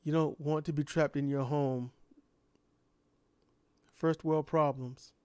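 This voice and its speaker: A man's voice: a little high, fairly even intonation, takes it slowly, a little mellow, smooth, dry recording. A man delivering an impassioned ranting monologue full of repeated rhetorical questions. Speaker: commentator.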